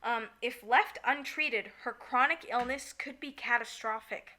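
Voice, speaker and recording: Bright-voiced giggly woman podcast host. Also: fairly high pitch. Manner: giggly, animated, acts out characters in quick asides. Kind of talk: casual chat recapping a musical.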